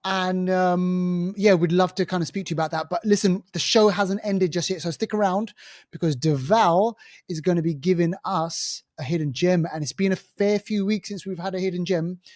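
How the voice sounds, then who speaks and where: A man's voice: high-pitched, steady tone, normal speed, a little mellow, no echo, studio quality. A man hosting a film podcast, steering the chat and reacting with short interjections and laughs. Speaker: podcast host.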